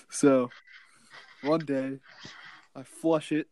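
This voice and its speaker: Young male podcast co-host, slow and unhurried, dry jokes, close dry sound. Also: fairly high pitch, level tone, warm tone, no echo. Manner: laid-back, dry jokes, laughs through his own story. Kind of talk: casual chat.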